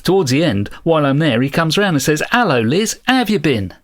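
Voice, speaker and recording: A man's voice: fairly high pitch, sing-song, brisk, a bit bright, pitched above the performer's own voice. A man putting on a Cockney teenage farm girl. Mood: matter-of-fact. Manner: chatty storytelling read-aloud. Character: working-class teenage farm girl narrating plainly. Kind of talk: reading a story passage aloud.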